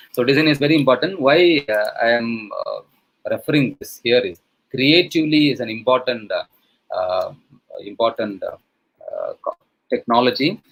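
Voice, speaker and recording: A man's voice: medium pitch, breathy edge, low-quality recording. A male professor from India giving an online lecture to teachers, talking conversationally with many fillers and frequent "okay?" checks.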